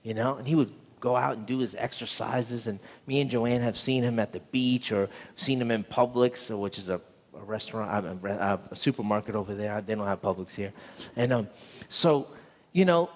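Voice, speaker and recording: A man's voice: mid-range voice, in a large hall. A man pastor preaching a sermon, telling a story earnestly and often repeating words, in a church sanctuary.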